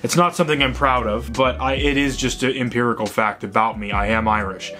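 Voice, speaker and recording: Profane, excitable male movie vlogger. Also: mid-range voice, brisk, soft background music. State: tired. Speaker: host. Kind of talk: ranting movie vlog.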